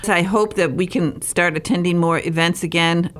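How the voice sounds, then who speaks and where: A woman's voice: fairly low pitch, steady tone, normal speed. A woman hosting an interview, talking in an effusive, complimentary way. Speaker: interview host. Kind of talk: casual interview chat.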